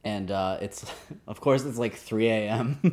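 A man's voice: fairly low pitch, slow, a little mellow. A man telling a story in casual chat, joking and laughing often as he talks.

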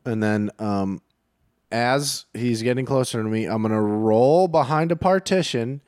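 A man playing an improvised heist game, describing outrageous moves in a flat, matter-of-fact way. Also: mid-range voice, measured pace, clean tone, no echo, studio quality. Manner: deadpan and brash, describing violent moves matter-of-factly. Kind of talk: casual improvised comedy.

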